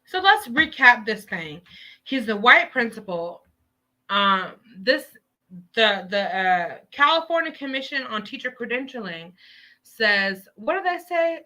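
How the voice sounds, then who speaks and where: A woman's voice: on the high side, big pitch swings, a little slow, bright, forceful tone. A woman hosting a live stream, giving heated, emphatic news commentary full of profanity.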